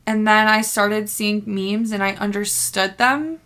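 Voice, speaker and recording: Unhurried and fairly even in intonation, this young woman's mid-range voice has a slightly bright edge. She's a book vlogger doing a casual reading-reaction video, bubbly, rambling, and full of fillers and laughs.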